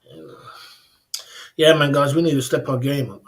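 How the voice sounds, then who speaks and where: A man's voice: medium pitch, fairly even intonation, normal speed. A man hosting a livestream in casual chat, repeating his phrases, speaking in slang and laughing often. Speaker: livestream host.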